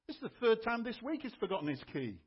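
Man voicing an exasperated dog owner, dry and incredulous, slightly high. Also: big pitch swings, fast, highs cut off. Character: exasperated male apartment dweller.

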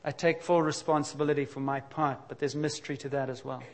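A man's voice: fairly high pitch, fairly even intonation, quick pace. Candid, emphatic male preacher. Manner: candid, confessional, conversational with sudden emphatic bursts. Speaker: pastor. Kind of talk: sermon.

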